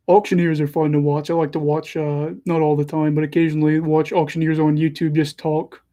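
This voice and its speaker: A young man hosts a casual livestream, calling hockey play as he watches and chatting in a self-deprecating way between moments. His voice is a little high with a warm tone.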